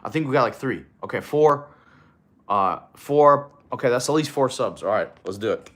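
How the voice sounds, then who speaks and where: On a fitness livestream, a man chats in a laid-back, slangy way, calling viewers "bro" and getting winded as he counts push-ups. His voice is medium-pitched, expressive and a bit bright at a normal speed, in an echoey room.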